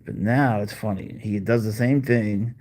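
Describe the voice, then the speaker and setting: A man's voice: lowish voice, steady tone, unhurried, a little mellow. A man hosting a live stream about his pet, chatting casually and rambling through answers to viewers' questions.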